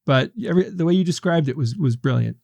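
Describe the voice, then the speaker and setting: A man's voice: on the high side, fast talker, gravelly, no echo. Laid-back man hosting a podcast segment. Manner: relaxed, laughs often. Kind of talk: casual panel chat, reading listener emails.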